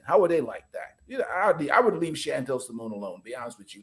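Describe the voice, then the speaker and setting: A man joking through a casual podcast conversation, animated and playfully exaggerating. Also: medium pitch, quick pace, hardly any pauses.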